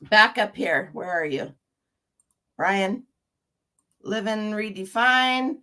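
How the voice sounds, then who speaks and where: Slow-talking chatty woman livestreamer. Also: medium pitch, animated, pushed and bright. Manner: chatty, bubbly, laughs often, greets viewers one by one. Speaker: livestream host. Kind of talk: casual livestream chat greeting viewers.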